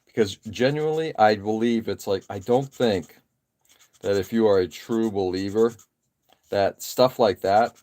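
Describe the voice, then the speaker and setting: A man in his forties hosting a live stream, chatting casually and rambling with many fillers while he works on a model kit. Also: lowish voice. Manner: relaxed, rambling, frequent uh fillers and self-deprecating asides. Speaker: live stream host building model kits. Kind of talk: casual chat while working.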